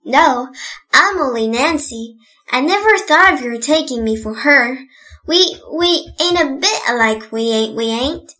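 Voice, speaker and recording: A woman's voice: sits high, animated, unhurried, sharp tone, heavily acted. A woman reading an audiobook, voicing a flustered young housemaid who stammers and talks in plain rustic grammar.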